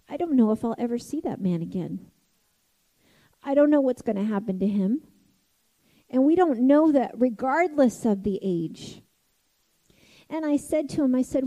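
A woman preaching a sermon, impassioned, swinging from loud declarations to hushed, intimate passages. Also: fairly high pitch, animated, moderate pace, pauses often, lo-fi sound.

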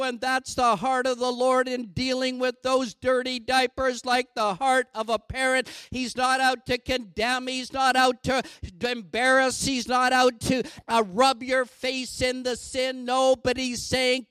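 High-voiced man preaching a sermon. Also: monotone, unhurried, few pauses, a bit bright, clear, resonant tone, no echo. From Canada. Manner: earnest, building to emphatic exhortation.

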